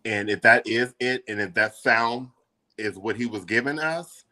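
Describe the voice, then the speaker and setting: Profane, animated man chatting casually. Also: a little slow. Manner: loud, profane and animated, breaks into high falsetto singing. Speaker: podcast host. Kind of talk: casual chat.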